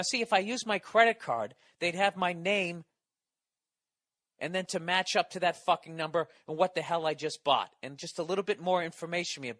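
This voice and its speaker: A man's voice: a little high, fairly bright tone, dry recording. A man delivering a profane, exasperated comedy rant as a podcast host, often stammering through restarts. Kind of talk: ranting comedy monologue.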